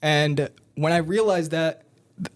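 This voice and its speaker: A man's voice: a little high, measured pace. A man in a casual podcast conversation, reflecting thoughtfully on his own choices.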